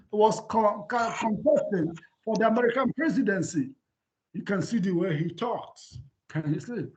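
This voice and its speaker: A male professor teaches a class in an animated manner, often checking that his listeners follow. His voice sits high and rises and falls widely. The recording is muffled and lo-fi. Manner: animated, repeats "can you see?". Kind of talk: university lecture. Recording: dull lo-fi lecture recording.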